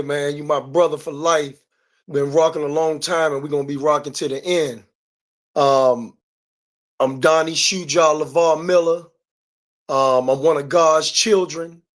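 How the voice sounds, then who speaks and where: Earnest male guest, pausing with "um". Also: on the high side. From Washington, D.C. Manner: earnest, measured, with many "um" pauses. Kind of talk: casual talk show chat.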